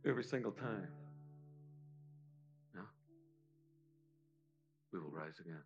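A middle-aged man preaching as a guest pastor, telling a personal testimony in an impassioned sermon that moves between hushed moments and loud exhortation. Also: low voice, expressive, slow pace, gravelly, highs cut off, music in the background. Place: church service hall.

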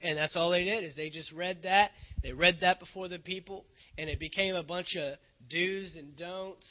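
A man's voice: sits high, steady tone, moderate pace, hardly any pauses. A male pastor preaching a sermon, earnest and emphatic, often repeating phrases for weight. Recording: dull lo-fi recording.

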